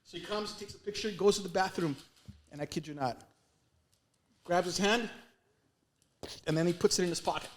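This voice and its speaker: A man's voice: high voice, normal speed, pauses often, slight background noise. A man telling a long story in casual podcast chat, acting out the voices of the people in it. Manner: animated, acts out other people's lines in the story. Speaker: podcast guest, radio veteran.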